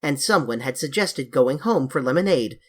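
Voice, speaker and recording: Husky-voiced audiobook narrator. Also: mid-range voice, moderate pace. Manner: expressive, lively storytelling. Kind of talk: children's novel audiobook reading.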